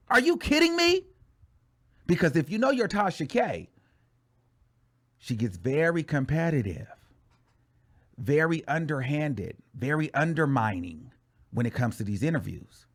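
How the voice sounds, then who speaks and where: High, lively-voiced man dishing gossip. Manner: animated and dramatic, with sassy asides. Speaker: commentary show host. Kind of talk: gossip commentary.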